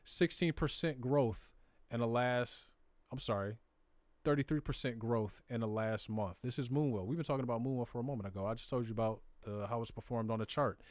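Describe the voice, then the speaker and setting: A man with a Southern US accent hosts a live crypto stream, casually walking viewers through charts and data in plain, slangy language. His medium-pitched, darkish voice moves a little fast, speaking directly to his audience in a dry recording.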